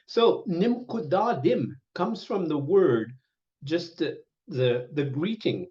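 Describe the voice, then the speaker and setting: Older man, language teacher, slow deliberate delivery, fairly high voice, dull lo-fi video call audio. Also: expressive, darkish tone. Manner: slow, patient, repeats each word several times. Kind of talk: online language lesson.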